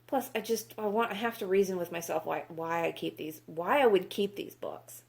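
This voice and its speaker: A woman's voice: mid-range voice, normal speed, creaky. A woman reviewing books in a casual vlog, exasperated, sarcastic and swearing freely. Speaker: book reviewer.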